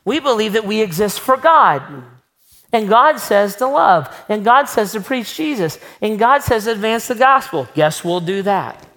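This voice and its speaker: A man's voice: high voice, expressive, normal speed, fairly bright tone. A man preaching a sermon as a pastor, conversational and emphatic, often tossing rhetorical questions to the congregation.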